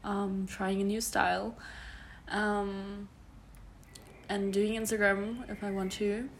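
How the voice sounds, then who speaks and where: She speaks slowly in a medium pitch that barely moves, with a little hiss or hum in the audio. A German podcast host around 20, in her early twenties, she chats loosely on her own in German-accented English, heavy with fillers and self-corrections.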